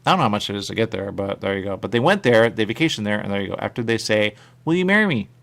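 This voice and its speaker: A man's voice: on the low side, racing, vocal fry. A male radio show host chatting casually and rambling, repeating his catchphrases. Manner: repetitive, animated, catchphrase-heavy. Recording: radio studio mic.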